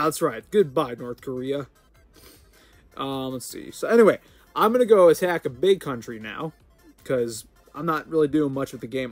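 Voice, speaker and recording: An American man hosting a gaming channel, rambling through casual gameplay commentary with sudden loud outbursts. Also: medium pitch, animated, moderate pace, no room sound, faint music behind. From United States.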